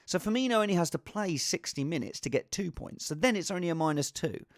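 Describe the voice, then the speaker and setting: A man giving casual, rambling fantasy football advice in an excitable, self-deprecating way. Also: fairly high pitch, quick pace, no room sound, clean studio sound.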